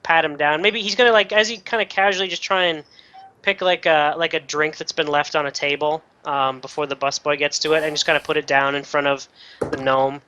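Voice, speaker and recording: A man's voice: on the high side, steady tone, fairly quick, bright, forceful tone, smooth. A man playing in a tabletop game, joking around and rambling with fillers. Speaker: player. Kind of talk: casual tabletop banter. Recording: dull lo-fi recording.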